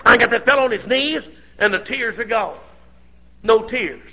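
An older preacher tells a sermon story in a folksy, animated way that breaks into sudden shouts. His voice sits high and sounds husky and gravelly. The recording is dull and lo-fi. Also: normal speed.

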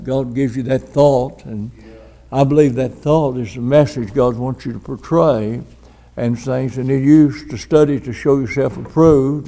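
A man's voice: medium pitch, dark tone. A man preaching an informal sermon, folksy and rambling. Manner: folksy, rambling, frequent "and things".

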